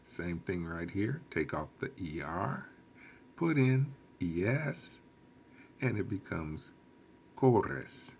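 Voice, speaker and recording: A deep, gravelly male teacher working through a recorded lesson at an unhurried, patient pace. He repeats each example and walks students through every step. A faint hiss sits under the recording. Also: big pitch swings, darkish tone. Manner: slow, patient explaining with repetition. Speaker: Spanish teacher.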